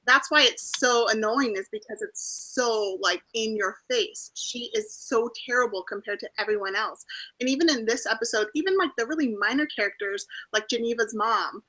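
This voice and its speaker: Exasperated woman with a high, bright voice. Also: moderate pace, low-quality recording. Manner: exasperated, laughs often. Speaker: co-host. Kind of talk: casual chat in an online hangout. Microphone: video call.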